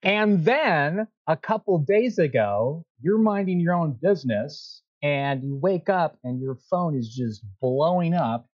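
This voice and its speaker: A man's voice: fairly high pitch, animated, muffled recording. A man hosting a casual podcast interview over a video call, enthusiastic and chatty as he sets up his questions. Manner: enthusiastic, chatty, quick to laugh along. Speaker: podcast host.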